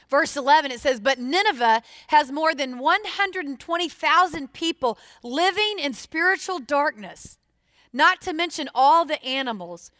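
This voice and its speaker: High, bright-voiced woman preaching. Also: normal speed, no echo, studio quality. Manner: expressive, questions the listeners directly. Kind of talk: sermon.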